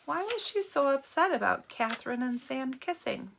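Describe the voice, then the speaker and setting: A woman reading a novel aloud to children and stopping to ask them gentle, teacherly questions. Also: high-pitched, very animated, normal speed, creaky, a little hiss or hum. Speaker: read-aloud narrator for children.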